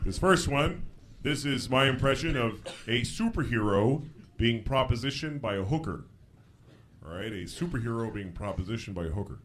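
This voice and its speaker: A man doing a stand-up comedy set, telling stories in a dry, deadpan way that breaks into high shouted bits. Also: normal speed. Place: live on stage before a laughing crowd. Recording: live show with audience laughter.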